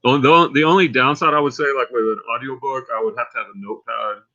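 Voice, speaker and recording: Talking very fast in a mid-range voice, a Texan man hosts a casual livestream with lo-fi sound. He rambles on excitedly, getting fired up as he talks.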